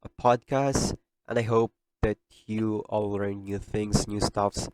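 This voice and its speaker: Podcast host, young man, low register, tearful sincerity, dry close mic. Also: steady tone, takes it slowly, darkish tone, clean tone, no echo. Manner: emotional, tearful, earnest. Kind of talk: heartfelt podcast monologue.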